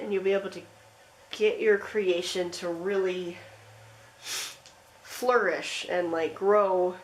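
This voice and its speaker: A woman giving a pick-a-card tarot reading, talking in a gentle, rambling way with lots of fillers. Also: on the low side, poor audio. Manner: rambling, gentle, with frequent fillers and soft laughs. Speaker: tarot reader.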